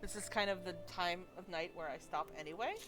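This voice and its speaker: A woman streamer in casual chat, retelling a conversation and playing both parts with lively swings in her voice. She teaches Spanish and talks with a co-host over soft music in the background. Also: on the low side, brisk. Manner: animated storyteller, acts out both sides of conversations.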